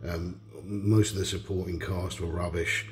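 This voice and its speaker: A man with a low-pitched voice speaks as a podcast co-host in an unscripted recorded message. He is blunt and profane. He stumbles over repeated words as he piles on his criticisms. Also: level tone, normal speed. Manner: blunt and profane, full of restarts. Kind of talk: casual recorded opinion rant.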